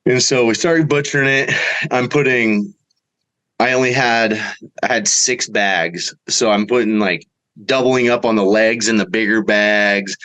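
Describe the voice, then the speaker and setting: Middle-aged guy, lowish voice, tells a story loose and casual, goes way up when he quotes people. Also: low-quality recording. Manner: animated, acts out quotes with jumps in pitch. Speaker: bowhunter guest.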